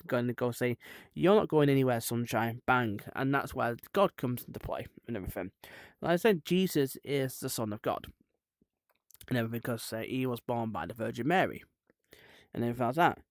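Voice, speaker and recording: A man's voice: medium pitch, dry recording, studio quality. A man, a streamer rambling irreverently in casual chat and laughing at his own jokes.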